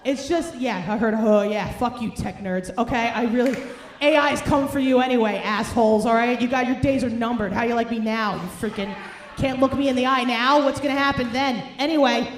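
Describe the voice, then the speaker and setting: A woman's voice: fairly high pitch, brisk. A woman, doing a brash, profane, ranting stand-up set while hungover. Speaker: stand-up comedian. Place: comedy club stage. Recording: roomy club sound, faint noise.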